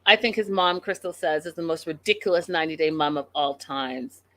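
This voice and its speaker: A woman's voice: sits low, fairly quick, sharp tone, no echo. A woman hosting a casual live recap show, chatting and reading viewer comments with exasperation. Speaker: podcast host recapping a reality show.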